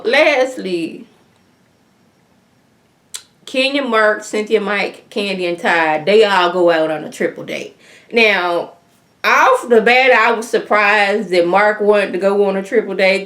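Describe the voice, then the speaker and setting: A woman's voice: mid-range voice, fairly bright tone. A woman giving a casual, chatty recap of a reality TV episode, filling her talk with "like" and "um" and acting out what people said. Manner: chatty, acts out other people's lines in quotes; leans on fillers like "like" and "um". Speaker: reality TV reviewer.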